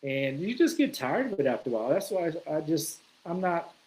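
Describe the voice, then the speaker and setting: A man with a voice sitting a little on the high side tells stories to camera. He speaks in a loose, conversational way, swears freely and acts out his own reactions along the way. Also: very animated, fairly quick, a little mellow, slight background noise, rough recording. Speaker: vlogger. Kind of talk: casual storytelling monologue.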